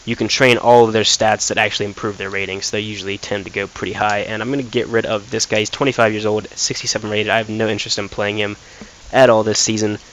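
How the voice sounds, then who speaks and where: A man's voice: fairly low pitch, level tone, quick pace, a bit bright, a little hiss or hum, poor audio. An American man giving casual commentary over a football career-mode game, thinking aloud with frequent fillers. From United States. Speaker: gaming YouTuber.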